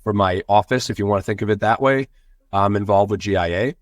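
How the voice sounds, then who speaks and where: A man who is a physician guest on a podcast, explaining things in a measured, conversational way. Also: fairly low pitch, dry recording, clean studio sound. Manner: measured, explanatory, with many fillers. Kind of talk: conversational interview answers.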